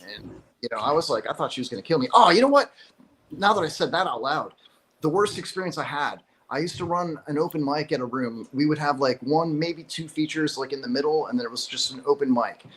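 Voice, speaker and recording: Chicago-raised male comic, slightly high, rambling fillers and laughter. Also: animated, a little fast, fairly bright tone, rough recording. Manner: laughs often, many fillers. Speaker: stand-up comedian guest. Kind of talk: casual storytelling.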